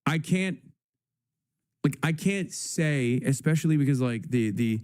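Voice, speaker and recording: A man's voice: mid-range voice, expressive, unhurried, darkish tone, no room sound, clean studio sound. A man hosting a live stream, ranting in a heated, profane, casual way. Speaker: livestream host.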